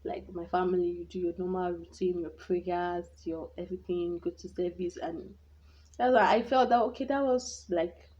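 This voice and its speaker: Woman with a mellow, muffled voice. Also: fairly low pitch, fairly even intonation, moderate pace, a little hiss or hum. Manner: candid, reflective, rambling with frequent restarts. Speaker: vlogger. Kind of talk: personal storytelling vlog. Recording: dull lo-fi sound.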